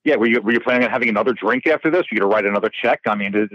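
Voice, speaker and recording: A fast-talking man from New York spins bartending stories in an animated, profane way, often restarting his sentences. The recording is dry and slightly dull. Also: fairly low pitch, no room sound. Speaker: bartender and guest. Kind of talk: casual storytelling.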